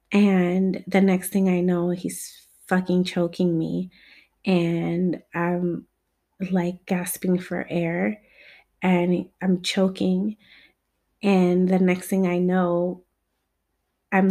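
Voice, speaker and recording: A woman telling a personal story in a candid, halting and blunt way, swearing freely. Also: lowish voice, creaky, dark tone.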